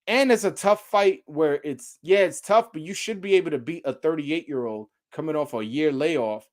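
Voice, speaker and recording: A man's voice: a little high, moderate pace. A man hosting his own show, giving a casual, profane opinion rant with rhetorical questions and many repeats. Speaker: boxing commentator, show host.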